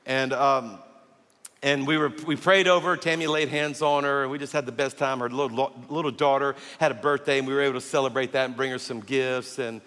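A man's voice: medium pitch, brisk. A man preaching a sermon as pastor, telling stories animatedly and acting out the dialogue. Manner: animated storyteller who acts out dialogue. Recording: long reverb of a large hall.

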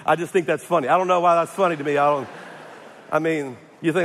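A man's voice: a little high, fairly even intonation, fairly quick, a bit bright. A man preaching a sermon in a church, humorous, with restarts and calls for amens. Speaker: pastor. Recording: echoey hall.

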